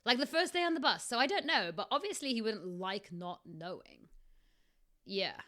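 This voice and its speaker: A woman's voice: fairly high pitch, expressive, normal speed, bright, forceful tone. A woman with a South African accent, reading her own story aloud on a podcast and stopping often to chat and laugh. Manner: chatty, laughs often, breaks off to comment.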